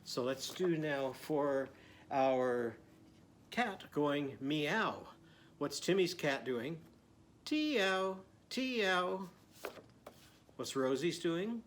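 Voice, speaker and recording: Slow, patient phonics teacher man. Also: fairly high pitch, animated, slight background noise. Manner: slow, patient, sounds out syllables. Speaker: literacy teacher. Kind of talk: children's phonics lesson.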